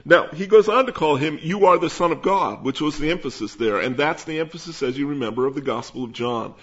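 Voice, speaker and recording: A man's voice: fairly high pitch, fairly quick, fairly bright tone. Man teaching scripture, muffled lo-fi sound. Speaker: pastor. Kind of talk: expository Bible teaching. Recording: dull lo-fi sound.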